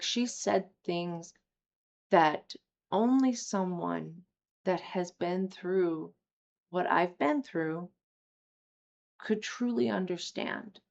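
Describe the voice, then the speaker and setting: A young woman candidly telling a personal recovery story, emotional and quick to swear. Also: fairly low pitch, gravelly. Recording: slightly dull lo-fi audio.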